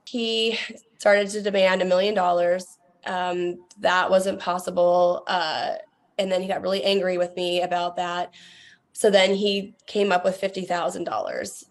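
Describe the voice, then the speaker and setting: A woman's voice: on the low side, level tone, a little slow. A woman giving recorded testimony about a scam call, in a direct, earnest manner.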